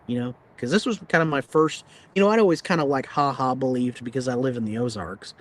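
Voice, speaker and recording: A man's voice: mid-range voice, quick pace. A man guesting on a podcast, telling a personal story in a blunt, plain-spoken, rambling way full of fillers. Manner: rambling, filler-heavy retelling. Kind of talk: casual storytelling.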